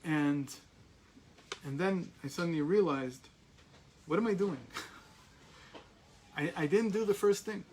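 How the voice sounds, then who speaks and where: A man's voice: on the high side, takes it slowly, long pauses, a little mellow, a little hiss or hum, rough recording. An American man in his forties teaching a class, telling a personal story in a chatty way with many restarts and asides. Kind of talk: storytelling lecture.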